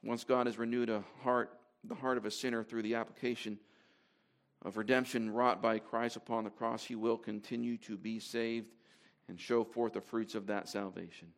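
A man's voice: fairly low pitch, flat delivery, moderate pace. A man preaching to a congregation in a conversational way, with fillers and restarts as he reads scripture aloud. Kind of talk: sermon.

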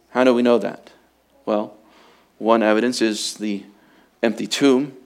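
A man preaching a sermon as pastor, emphatic and urgent, swinging from loud declarations to hushed, quiet passages. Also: fairly low pitch, fairly even intonation, measured pace, long pauses.

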